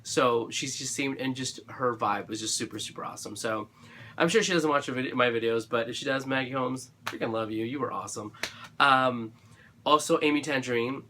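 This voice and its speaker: Chatty bright-voiced man gushing about crafts. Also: mid-range voice, a little fast, slight background noise. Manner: chatty and gushing, lots of fillers and restarts. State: dry throat. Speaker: craft channel vlogger. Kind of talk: casual chat to camera.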